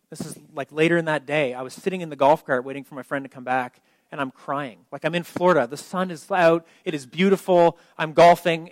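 A man preaches with a slightly higher voice, recounting a personal story in an earnest, conversational way. He often restarts his sentences. The sound is dry and close. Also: no room sound. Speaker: pastor. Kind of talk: personal story told in a sermon.

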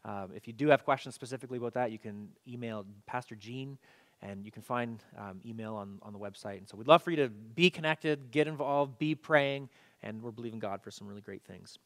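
A man preaching an online church sermon in a relaxed, conversational way, with frequent fillers and restarts. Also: mid-range voice, brisk. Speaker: pastor. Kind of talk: casual online sermon and prayer.

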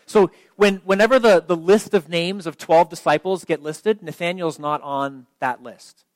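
A man's voice: high voice, moderate pace, no room sound. A man giving an informal sermon in a conversational way, asking the listeners questions and swelling with emphasis. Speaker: preacher.

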